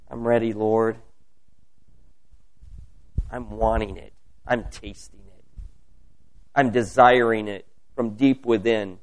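A man leading a spontaneous spoken prayer, fervent and repetitive in his petitions. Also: medium pitch. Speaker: prayer leader.

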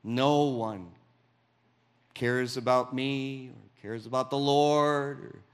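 A man preaching a sermon, reading scripture aloud with dramatic pauses and quiet asides. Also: medium pitch, steady tone, smooth.

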